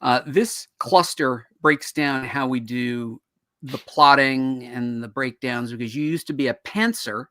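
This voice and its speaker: A man's voice: medium pitch, measured pace, no room sound, studio quality. A man co-hosting a show on writing comics, explaining in casual chat and acting out quoted reactions. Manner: animated, acts out quoted reactions.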